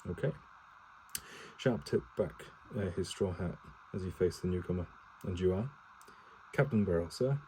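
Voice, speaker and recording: A man's voice: low voice, moderate pace, pauses often, warm tone, slight background noise, low-quality recording. A man reading a war novel aloud for his partner in a casual home read-aloud, stumbling and correcting himself, with swearing asides and no character voices.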